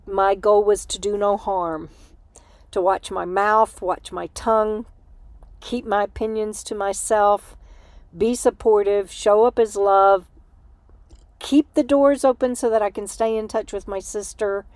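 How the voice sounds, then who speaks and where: A tired woman hosting her own livestream, talking in a reflective, halting way and laughing often. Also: medium pitch, fairly even intonation, darkish tone, no room sound. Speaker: livestream host. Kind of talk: casual personal chat.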